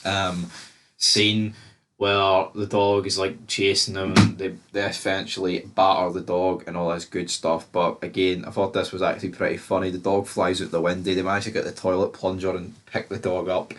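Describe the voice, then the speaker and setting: A man's voice: deep voice, completely flat delivery, moderate pace, fairly bright tone. A man with a Scottish accent reviewing a movie in a rambling casual chat, swearing freely. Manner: rambling, swears freely, frequent fillers and restarts.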